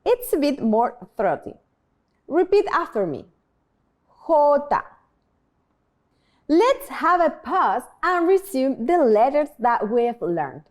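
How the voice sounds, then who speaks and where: A woman teaching a beginner language lesson, slowly modeling sounds and asking learners to repeat after her. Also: high voice, sing-song. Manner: slow, clear modeling of pronunciation, prompting repetition.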